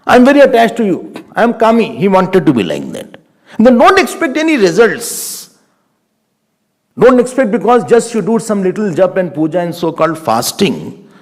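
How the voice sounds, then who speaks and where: Man, Indian English accent, swami giving a sermon, high voice, emphatic and repetitive. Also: moderate pace. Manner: animated, emphatic, repeats phrases, mixes in Hindi words. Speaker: swami giving a spiritual discourse.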